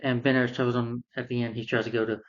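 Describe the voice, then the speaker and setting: A man's voice: mid-range voice, little pitch movement, quick pace. A man giving a casual spoken film review, retelling the plot in a rambling, repetitive way. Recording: dull, muffled lo-fi sound.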